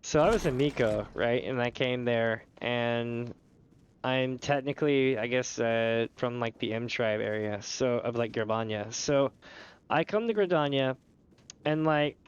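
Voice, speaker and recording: A man's voice: medium pitch, unhurried, clear, resonant tone, dull audio. A man streaming a game, chatting casually and telling rambling stories with laughter. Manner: rambling, animated storyteller who often laughs and slips into voices.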